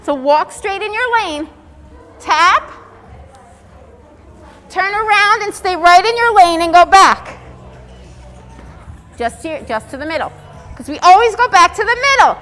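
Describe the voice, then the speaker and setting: A woman's voice: very high voice, lively intonation, unhurried, long pauses, sharp tone, faint music behind. A woman leading children through an exercise session, counting reps and giving upbeat instructions. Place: event room with children. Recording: long hall reverb.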